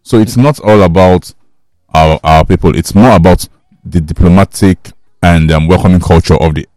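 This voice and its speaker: A man's voice: low voice, normal speed, darkish tone, dry recording. A man who is a guest in a discussion, speaking in a firm and direct way. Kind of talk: casual discussion.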